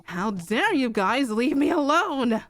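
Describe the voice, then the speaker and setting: A woman voicing a sly, playful young woman with a drawn-out, showy delivery. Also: lowish voice, animated, faint music behind, lightly acted. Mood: smug. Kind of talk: fanfic read-aloud on stream.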